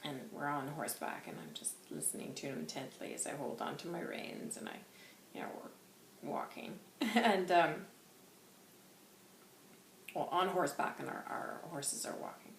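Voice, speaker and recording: A woman's voice: deep voice, very animated, moderate pace, pauses often, reverberant, slight background noise. A woman hosting a casual channelled reading, chatty and rambling, with lots of "like". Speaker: host.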